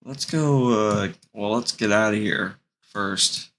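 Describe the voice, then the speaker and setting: A man voicing an excited teenage son who gushes with eager enthusiasm, in a raised voice. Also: fairly low pitch, slow, a little hiss or hum.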